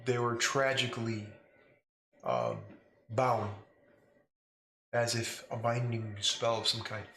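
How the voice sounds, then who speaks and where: A man narrating a tabletop game as game master, in slow, halting sentences with restarts. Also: mid-range voice, lively intonation, pushed and bright. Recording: echoey room, faint noise.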